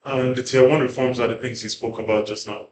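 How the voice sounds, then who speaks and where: A man's voice: mid-range voice, steady tone, a little fast, darkish tone. Man musing, roomy sound. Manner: thoughtful, hedging, many fillers and restarts. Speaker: panel guest. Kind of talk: conversational panel discussion. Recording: roomy with faint background ambience.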